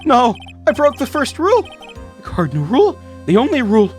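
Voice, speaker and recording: A woman's voice: high-pitched, huge pitch swings, normal speed, soft background music, pitched above the performer's own voice. A woman reading game dialogue aloud, voicing a flamboyant, vain male stage magician with a theatrical, indignant manner. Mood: dramatic.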